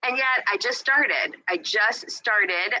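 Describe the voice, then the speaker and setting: Very bright-voiced woman giving a faith talk. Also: medium pitch, slow pace, slight background noise, low-quality recording. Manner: emphatic and repetitive, addresses listeners directly. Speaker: speaker. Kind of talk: faith-based motivational talk.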